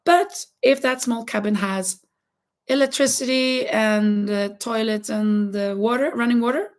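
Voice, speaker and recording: A woman's voice: a little high, unhurried. Chatty woman with a cracking voice. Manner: chatty, thinks aloud with many fillers and restarts. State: voice cracking, coughing. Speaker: livestream host. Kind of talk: casual chat while crocheting.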